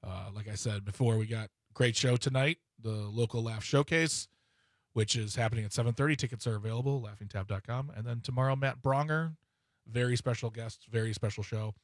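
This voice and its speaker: A man's voice: medium pitch, fairly quick, no room sound. Easygoing guy rambling about his weekend and club shows, dry mic. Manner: laid-back, plugs shows, rambling. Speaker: comedy club promoter. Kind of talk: casual chat.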